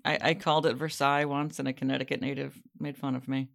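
A man's voice: mid-range voice, level tone, fast talker, vocal fry, a bit bright. A man in his thirties from Maine hosting a podcast, chatty and self-deprecating in casual conversation. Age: 30s. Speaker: podcast host. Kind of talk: casual chat.

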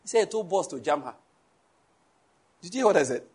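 Laughing pastor with a husky voice. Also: male voice, on the high side, fairly quick. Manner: lively preaching with laughter and asides to the congregation. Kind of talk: sermon.

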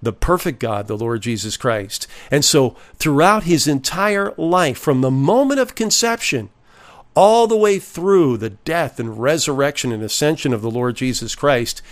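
Slow, deliberate male preacher. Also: medium pitch, expressive. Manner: slow, deliberate preaching with emphatic drawn-out phrases. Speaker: pastor. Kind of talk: sermon.

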